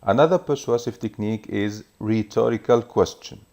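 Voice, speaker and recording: Low-voiced male teacher giving a revision lesson. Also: creaky, darkish tone. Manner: measured, explanatory, reads examples aloud.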